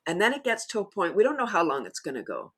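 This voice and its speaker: Lively, laughing woman guest. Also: fast, breathy edge. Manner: enthusiastic, laughs often while talking; animated storyteller, bursts higher and louder when excited. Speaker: guest, laughter yoga teacher. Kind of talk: casual interview conversation.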